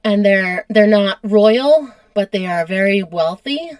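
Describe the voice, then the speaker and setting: An American woman hosts a casual history podcast, telling the story in a chatty, easygoing way. She laughs often as she talks. Her voice has an average pitch and sounds dry and close to the mic. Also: animated, takes it slowly, a little mellow, no room sound. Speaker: podcast host.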